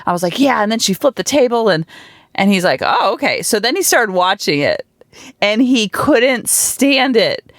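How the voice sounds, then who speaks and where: A middle-aged woman who hosts a podcast and works as a coach chats casually and animatedly, using lots of fillers. Her higher voice moves at normal speed, captured on a studio podcast microphone with studio quality and no echo.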